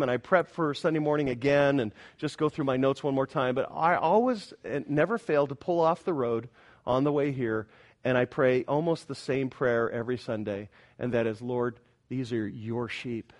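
Male pastor, high voice, emphatic sermon, loud then hushed, questions to the congregation. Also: moderate pace.

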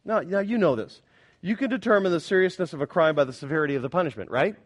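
A man preaching a Sunday sermon as pastor, emphatic, swinging between loud declarations and hushed prayerful passages, often asking the congregation questions. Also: fairly high pitch, animated, fast.

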